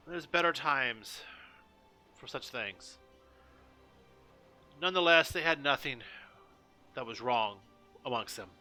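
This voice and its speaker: A man narrating as game master of a live-streamed tabletop game, halting with many restarts and fillers. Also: a little high, bright, forceful tone, clear, resonant tone.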